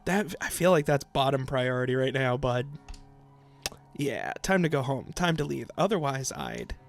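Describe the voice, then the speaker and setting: A man's voice: medium pitch, lively intonation, normal speed, creaky, faint music behind. A man streaming a visual novel, reading its text aloud and breaking off into sarcastic, profane commentary with frequent laughs. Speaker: let's play streamer.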